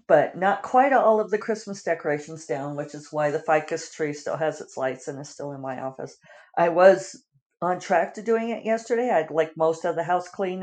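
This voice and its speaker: In her weekly video update, a woman writer with a lowish, darkish voice chats casually, rambling with plenty of fillers and little laughs.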